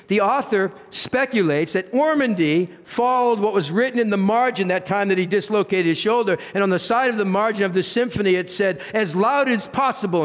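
A man preaching a sermon as pastor, earnest, with rhetorical questions and swings in emphasis. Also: sits high. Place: church sanctuary. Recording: reverberant church hall.

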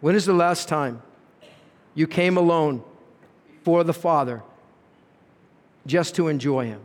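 A man's voice: on the high side, a little slow. A man preaching a sermon as pastor, earnest, with rhetorical questions and swings in emphasis. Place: church sanctuary. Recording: reverberant church hall.

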